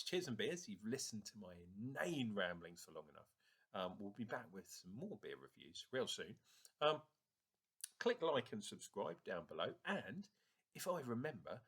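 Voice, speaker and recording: A man's voice: medium pitch, a bit bright, breathy edge. A man with a northern English accent, rambling casually through a beer review vlog and swearing now and then.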